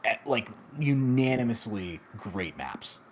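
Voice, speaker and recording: A man's voice: mid-range voice, expressive, takes it slowly, a loud crowd. A man co-hosting a gaming podcast, talking in a rambling, jokey, self-mocking way. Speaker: podcast co-host. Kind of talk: casual gaming chat.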